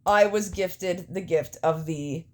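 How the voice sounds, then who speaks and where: Profane, animated woman podcast co-host. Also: lowish voice, slow. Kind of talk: casual chat.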